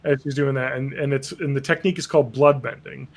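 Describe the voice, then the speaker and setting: Recapping a cartoon episode on his podcast, a man chats casually, tossing in crude jokes and performing quotes as he rambles. His medium-pitched voice is creaky and fairly even in intonation, delivered at a quick pace.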